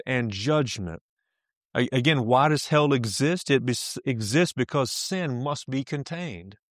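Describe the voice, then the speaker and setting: A man's voice: fairly high pitch, no echo. Man preaching a sermon, dry close sound. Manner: repetitive, checks in with "all right?"; slows for emphasis.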